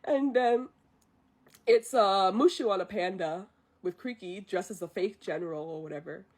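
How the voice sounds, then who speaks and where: Woman streamer, chatty storyteller, animated, laughs often, stops to recall. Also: medium pitch, moderate pace. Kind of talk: reciting a film from memory on a livestream.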